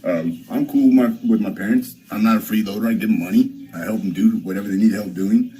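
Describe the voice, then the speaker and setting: A man's voice: on the low side, fairly quick, mellow, low-quality recording. A man livestreaming, telling a story to his viewers in a rambling, profane way, with frequent restarts and repeated phrases. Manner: addresses viewers directly. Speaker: livestreamer answering chat.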